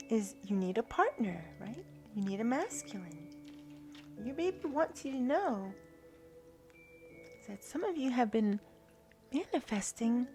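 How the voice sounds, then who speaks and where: A woman giving a spiritual tarot reading in a soft, earnest way, now and then dropping to a hushed whisper. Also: a little high. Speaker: tarot reader.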